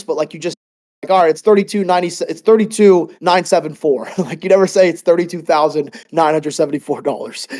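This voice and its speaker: A young man with a high voice coaches his listeners in a motivational monologue. He tells his story at a quick, energetic clip, tripping over restarts and tossing in lots of "like" and "right?". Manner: fast, energetic storytelling with many fillers and restarts. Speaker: business coach.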